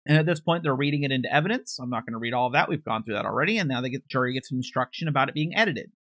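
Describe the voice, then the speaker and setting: A man's voice: medium pitch, expressive, racing, a bit bright, no room sound. A man hosting a true crime channel, reading court transcripts aloud in a matter-of-fact way, announcing each speaker's label and adding his own comments.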